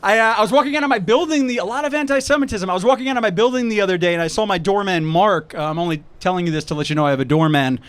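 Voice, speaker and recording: A man's voice: high voice, very fast, few pauses, fairly bright tone, slight background noise. A young man doing a stand-up set on an outdoor rooftop, wry and self-deprecating. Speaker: stand-up comedian.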